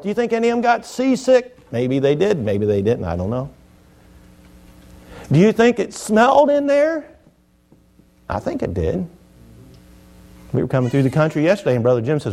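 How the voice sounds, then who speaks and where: A middle-aged man preaches a sermon with a slightly high-pitched voice. He tells it in a folksy, joking manner, pressing hard on some lines and dropping to quiet asides on others. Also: very animated, moderate pace, long pauses. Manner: folksy, jokey, swings between loud emphasis and quiet asides.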